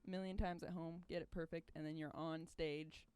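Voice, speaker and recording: A woman chatting casually as co-host, soft and agreeable, laughing along. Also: low-pitched, flat delivery, fairly quick. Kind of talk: casual chat.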